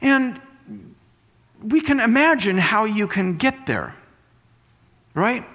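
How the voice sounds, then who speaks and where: A man preaching with a lively, rising and falling voice, his sentences ringing out in a long hall reverb. He explains slowly, then repeats key phrases for weight, using everyday comparisons to teach his congregation. His voice sits fairly high for a man. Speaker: pastor. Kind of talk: sermon.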